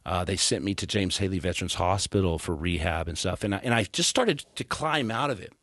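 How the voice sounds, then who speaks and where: A man in his thirties with a low voice recounts his story as a podcast guest, earnest and animated, often stumbling and restarting mid-sentence. The sound is dry and close, with no room around it. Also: fairly quick, no echo. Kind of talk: casual storytelling. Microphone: studio podcast mic.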